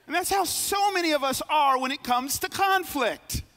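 A man's voice: extremely high pitch, normal speed. A man preaching a sermon as pastor, telling stories and acting out the voices of the people in them. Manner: lively storytelling preacher, acts out quoted voices. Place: church sanctuary. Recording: long reverb of a large hall.

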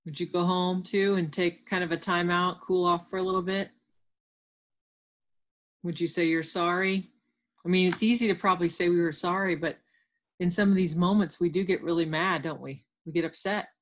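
A woman's voice: fairly low pitch, steady tone, normal speed. A woman teacher leading a reading lesson for children over a computer microphone, patient and explanatory.

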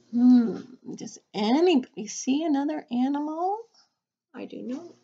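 A woman's voice: high-pitched, dark tone, muffled recording. A woman teacher reading a picture book aloud to children, playful and sing-song. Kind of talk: read-aloud lesson for children.

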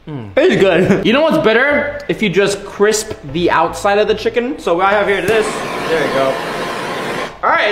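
A young man chatting excitedly through a casual food taste-test vlog, full of tasting noises and quick reactions. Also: high voice. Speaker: vlogger. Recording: echoey room with background music.

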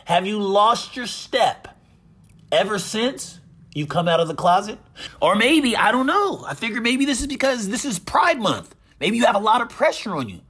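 A man's voice: sits high, very animated, moderate pace, fairly bright tone, slightly rough. A man hosting a gaming channel, mockingly recounting online drama with a repeated catchphrase.

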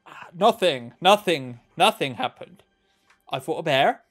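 An excitable man with a high, bouncy voice that swings all over the place as he narrates his gameplay. He cracks jokes and talks straight to the characters on screen. Game music plays clearly underneath him. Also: measured pace. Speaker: gaming commentator. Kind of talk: let's play commentary. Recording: game music playing behind the voice. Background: game soundtrack music.

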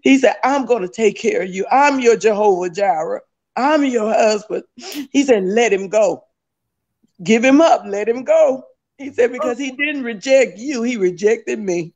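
A woman's voice: fairly high pitch, unhurried, darkish tone. A woman giving a fervent, tearful spoken religious testimony, repeating phrases as she speaks. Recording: dull lo-fi recording.

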